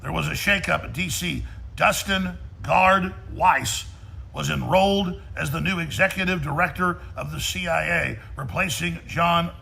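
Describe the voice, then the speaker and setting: Gravelly, bright-voiced ranting man. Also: fairly high pitch, measured pace. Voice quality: gravelly, mocking. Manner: mocks in put-on voices, repeats himself. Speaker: radio show host. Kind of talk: ranting talk-show commentary.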